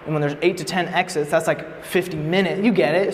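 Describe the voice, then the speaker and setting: A young man preaching to a youth group, telling a story and acting out the quotes in a lively way. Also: a little high, brisk, few pauses, slight background noise. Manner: animated storyteller, acts out quotes. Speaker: youth speaker. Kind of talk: storytelling sermon. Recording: reverberant hall with faint ambience.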